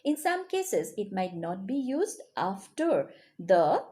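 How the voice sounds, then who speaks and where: A woman's voice: medium pitch, very animated, takes it slowly, warm tone. A woman teaching a grammar lesson to children, explaining patiently and checking in with questions. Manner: explains patiently, checks in with rising "yes?" and "okay?".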